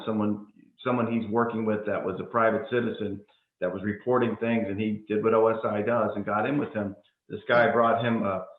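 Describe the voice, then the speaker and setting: A male interviewer speaks in a casual, conversational way, recounting a story to his guest. His fairly low voice comes through a tinny, phone-like line with some echo around it.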